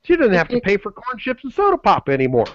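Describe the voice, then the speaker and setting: A man co-hosting a webinar, delivering a pushy motivational sales pitch full of repeated slogans. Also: wildly swooping pitch, fast talker, muffled recording, a crowd in the background. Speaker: webinar co-host.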